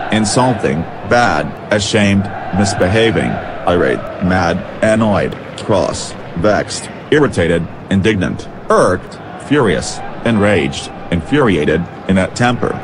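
A man's voice: fairly low pitch, noisy background. A man voicing an angry father who rants through long lists of words.

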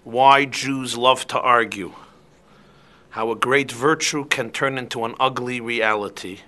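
Bright-voiced man teaching a class. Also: mid-range voice, clear, resonant tone. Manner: animated storyteller. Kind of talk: lecture with storytelling.

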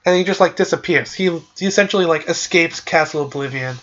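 Talking fast in a fairly bright, mid-range voice, a podcast host gives a loose, rambling recap of a game's story. Fillers like "like" and "uh" come up constantly, and the audio is dull.

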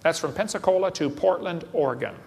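A man's voice: on the high side, brisk, darkish tone. A man giving a joking lecture to a live audience, wisecracking and tossing quiz questions at the crowd. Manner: wisecracking, quizzes the crowd with asides. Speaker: creationist speaker. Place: large hall with an audience. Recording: long hall reverb, faint hiss.

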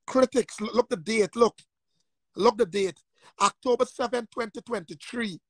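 An angry man rants on a livestream, cursing and repeating himself in a raised voice. His voice sits high and rough with fry. The sound is dry and close. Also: moderate pace, no echo. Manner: profane, repetitive, angry and shouting. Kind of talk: heated livestream rant.

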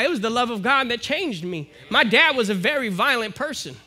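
A man with an American accent preaching a sermon to his congregation, building to forceful exhortation. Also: very high voice, animated, normal speed, faint music behind. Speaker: minister. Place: church, live-streamed service.

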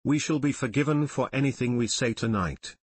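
A man narrating an audiobook in a measured, solemn reading voice. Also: medium pitch, breathy edge, dry recording. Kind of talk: scripted narration.

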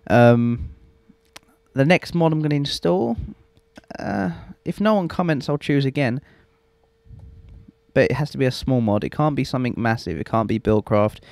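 A man's voice: medium pitch, moderate pace, gravelly, darkish tone, no echo. A young man giving rambling, self-mocking gameplay commentary and swearing freely. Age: young adult. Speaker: let's play host.

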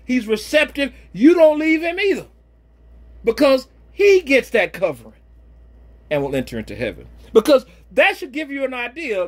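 A man who is a pastor and podcast host, giving a preachy commentary with slang asides, swinging between loud exhortation and low murmurs.

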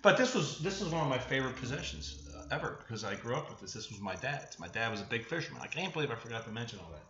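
A male podcast host talks alone to close an episode, rambling and correcting himself as he goes. His voice comes across bright and forceful. The recording sounds roomy and a bit muffled, with a faint hiss underneath. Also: mid-range voice, very animated, very fast. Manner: rambling, self-correcting, chuckling. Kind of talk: solo podcast outro.

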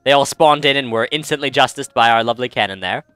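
A man's voice: mid-range voice, fast talker, bright, forceful tone, clear, resonant tone, dry recording. A man hosting a let's-play, chatting casually and rambling through commentary with many fillers and restarts. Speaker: game let's-play host.

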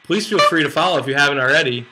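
A man's voice: a little high, animated, very fast, noisy background. A young man casually chatting on a poker live stream, greeting viewers by name and joking around.

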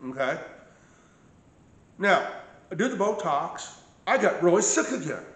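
A man with a high, sing-song voice speaks at a measured pace, his tone a bit bright and the room roomy. He's a patient telling the story of his own medical mistreatment, casual but emphatic, often checking in with "okay?"

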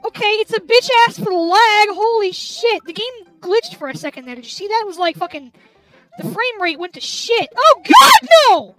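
Very high, lively tipsy woman gamer. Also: a little fast, music in the background, low-quality recording. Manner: loud, swearing, yelling at the game. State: tipsy from drinking. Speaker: gamer playing and commenting. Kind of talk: let's play commentary while drinking.

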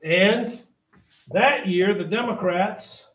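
A man teaching a history class, telling the story with lively asides and reminders to take notes. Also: fairly high pitch, moderate pace. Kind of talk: classroom lecture. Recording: echoey classroom.

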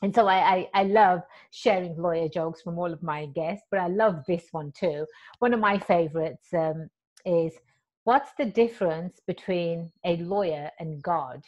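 A woman's voice: lowish voice, a little slow, darkish tone, muffled recording. A woman attorney hosting a podcast interview, chatty, laughing often and telling corny jokes.

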